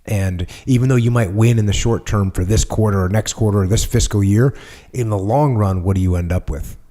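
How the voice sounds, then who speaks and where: A male podcast host with a low voice and a mellow, dark tone. He speaks in a measured way and asks his guest questions. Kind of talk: casual conversation.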